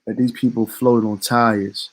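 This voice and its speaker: A man's voice: mid-range voice, little pitch movement, a little slow. A man delivering a heated commentary rant as a vlogger, talking in a profane, emphatic and indignant way.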